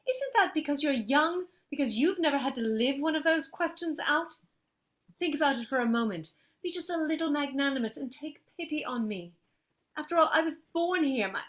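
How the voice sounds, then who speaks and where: A woman's voice: high-pitched, fairly bright tone. A woman playing an anxious, pleading noblewoman. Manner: emotional, pleading. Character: anxious aristocratic woman, estate owner. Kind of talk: stage play acting.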